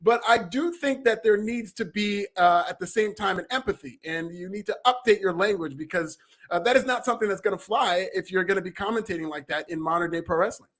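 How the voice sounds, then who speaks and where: Male co-host with a higher voice who gives earnest, thoughtful commentary in a casual podcast chat. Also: a little fast, fairly bright tone.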